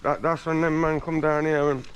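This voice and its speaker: A man's voice: on the high side, level tone, normal speed, highs cut off, slight background noise. A man from England telling boastful stories in a casual, slangy street interview, swearing freely while standing outdoors on a residential street.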